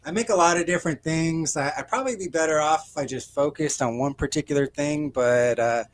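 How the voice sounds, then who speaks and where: Laid back guy guesting on a stream, talks about his channel easy and friendly. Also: on the high side. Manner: easygoing, agreeable, quick to laugh along. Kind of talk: casual chat.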